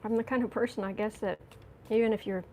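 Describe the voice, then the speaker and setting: A woman's voice: medium pitch, fairly even intonation, fast talker, warm tone, a little hiss or hum. A woman giving a casual tarot reading, chatty and giggly, talking to viewers and to herself. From United States. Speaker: tarot reader.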